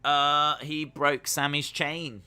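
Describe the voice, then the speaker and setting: A man's voice: on the high side, little pitch movement, slow, bright, forceful tone, clear, resonant tone. A young man hosting a live stream, casually reacting to a wrestling show and reading chat messages aloud. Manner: chatty, jokey, talks to chat while watching.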